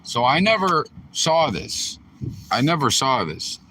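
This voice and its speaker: A man's voice: a little high, sing-song, takes it slowly, heavy background noise. A man hosting a show, giving rambling, profane reaction commentary and talking straight to his viewers. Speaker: host.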